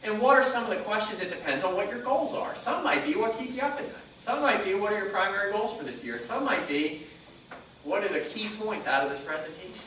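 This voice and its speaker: Guy giving a talk to a room, bright voice, super echoey hall, mic kinda far off. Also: high-pitched, fairly quick, slight background noise. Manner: animated storyteller quoting dialogue. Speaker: motivational speaker. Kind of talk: live presentation storytelling. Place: conference room.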